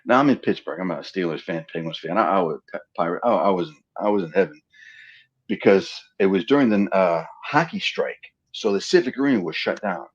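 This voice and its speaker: A man from Pennsylvania telling stories as an interview guest in a casual chat. He acts out the dialogue in his stories with lively voices. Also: low voice, fairly quick, breathy edge, lo-fi sound. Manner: animated storyteller acting out quoted dialogue.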